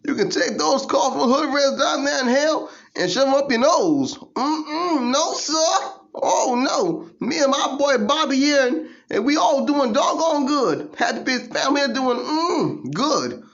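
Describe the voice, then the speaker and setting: Brief: man playing a folksy old man, raised high voice, fussy and dismissive. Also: animated, measured pace, few pauses, fairly bright tone, muffled recording, heavily acted. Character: cheerful old man in heaven refusing calls.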